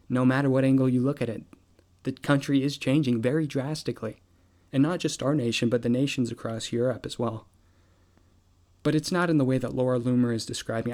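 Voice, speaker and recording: A man speaking at an ordinary middle pitch, holding a measured, slightly wry tone as he works through scripted commentary. He keeps stacking rhetorical questions, steady and deliberate, like an online commentator talking to his viewers.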